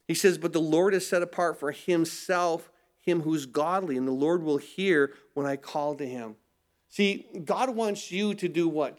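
High-voiced preacher asking rhetorical questions. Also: male voice. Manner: emphatic, asks rhetorical questions then answers them; repeats words when starting sentences. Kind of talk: sermon.

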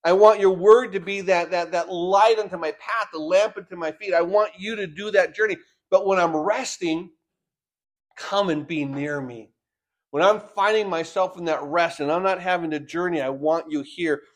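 A man preaching a sermon, swinging between loud emphatic lines and soft, slowly drawn-out phrases, often repeating words as he builds his points. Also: sits high.

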